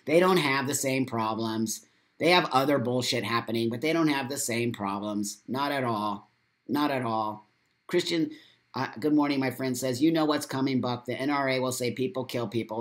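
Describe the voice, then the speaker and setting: A man's voice: mid-range voice, expressive, moderate pace, fairly bright tone. An American man hosting a live morning vlog, reading viewer comments aloud and ranting angrily with lots of swearing and repeated phrases. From United States. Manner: angry, profane ranting.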